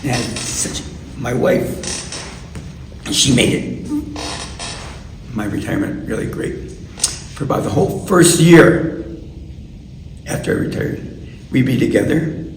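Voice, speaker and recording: Older man telling stories, gravelly and echoey. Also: mid-range voice. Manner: animated anecdotes, acts out voices in quotes. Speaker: retired doctor interviewee. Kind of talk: oral history storytelling. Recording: echoey room, mic at a distance, faint noise.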